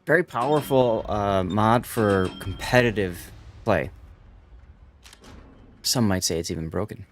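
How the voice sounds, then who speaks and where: A man's voice: fairly low pitch, unhurried, slight background noise. Male streamer casting a match live, unpacking the tactics for viewers. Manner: explanatory, walks viewers through tactics. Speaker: streamer and tournament commentator. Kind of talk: live game commentary.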